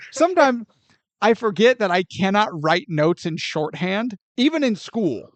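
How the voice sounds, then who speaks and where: A man co-hosts a casual podcast, joking through a movie review and acting out the scenes as he goes. His voice sits fairly high for a man and jumps around a lot in pitch. The recording is dry and close, with no room sound. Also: measured pace, dry recording. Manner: animated and joking, often laughs and acts out scenes. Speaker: podcast co-host.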